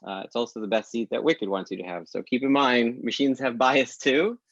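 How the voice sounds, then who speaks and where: A man speaking as a guest in a casual podcast conversation, telling stories lively and acting out quoted dialogue. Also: mid-range voice, normal speed, no room sound. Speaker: guest, tech company founder. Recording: dull lo-fi dry sound.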